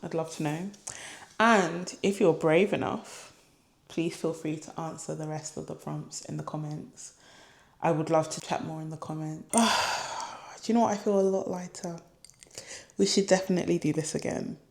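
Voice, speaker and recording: A woman's voice: deep voice, fairly even intonation, normal speed, vocal fry. Candid young woman in an echoey room. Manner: candid, emotional, lots of fillers. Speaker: vlogger. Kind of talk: casual reflective chat to camera.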